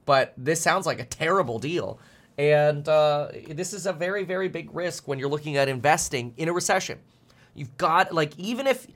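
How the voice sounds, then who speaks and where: A man's voice: on the high side, sharp tone. A man streaming finance commentary, ranting bluntly and fired up, often stumbling over repeated words.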